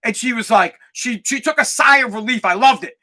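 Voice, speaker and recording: A man hosting a podcast, telling a comic story as an animated rant, swearing and acting out other people's voices. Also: very high-pitched, brisk. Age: adult parent of a twelve-year-old. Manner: animated, acts out voices, swears, gets loud when ranting. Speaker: podcast host.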